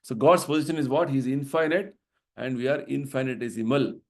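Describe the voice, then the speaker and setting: Brisk and fairly even in intonation, this mid-range male voice belongs to a middle-aged temple vice president giving a spiritual talk. He earnestly walks through his points at the temple and checks in with listeners by asking "right?".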